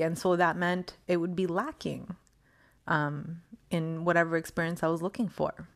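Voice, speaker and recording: A woman with a slightly low-pitched voice talks alone as a podcast host. She rambles loosely, full of "um" and "like", and slips into quoted thoughts as she goes. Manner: rambling, frequent laughs and fillers, acts out quoted thoughts. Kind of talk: casual solo monologue.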